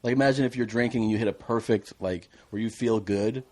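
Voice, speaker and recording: Low-voiced man recounting a story. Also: steady tone, fairly quick, darkish tone, dry recording. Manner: earnest, breaks into laughter. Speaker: podcast guest. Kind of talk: casual storytelling.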